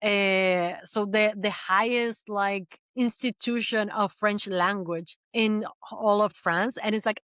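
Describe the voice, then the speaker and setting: A woman from the Caribbean, a podcast guest, talking in quick, animated bursts full of fillers in casual chat. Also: medium pitch, smooth, dry recording, studio quality.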